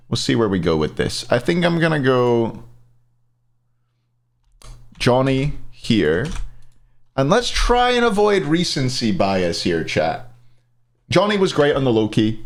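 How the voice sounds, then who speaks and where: A young man with a mild Scottish accent talks in a slightly low voice, loose and conversational as he ranks players. He is opinionated and keeps answering his chat. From Scotland. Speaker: streamer ranking esports players. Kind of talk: casual live-stream commentary.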